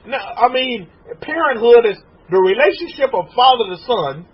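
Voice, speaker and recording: A high-pitched man in his forties preaches with a very raspy, husky voice that swings widely up and down. He stumbles, restarts and keeps asking the congregation questions. The recording sounds muffled and lo-fi. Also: brisk, hardly any pauses. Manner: emotional, animated preaching with repeated restarts and questions to listeners. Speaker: rabbi teaching a congregation. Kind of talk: sermon.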